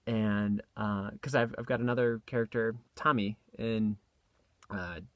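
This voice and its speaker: A young voice actor vlogs about his recording session in a medium-pitched voice with no echo. Crammed into a small closet full of clothes and using his tablet's built-in mic, he rambles through casual behind-the-scenes chat, self-deprecating and full of fillers and restarts.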